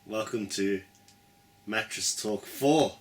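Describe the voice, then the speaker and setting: Jokey young man, lively. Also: fairly low pitch, normal speed, crowd noise. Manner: jokey, laughs often. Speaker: co-host. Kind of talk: casual chat.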